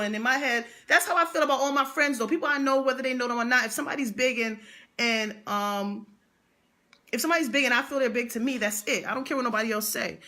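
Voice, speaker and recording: Woman, high voice, bright tone, emphatic, slangy, motivational monologue. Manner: emphatic, repetitive, animated storytelling with slang.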